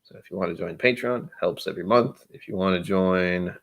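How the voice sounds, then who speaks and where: Man, lowish voice, livestream host, rambling casual chat, self-deprecating jokes. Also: brisk, slight background noise.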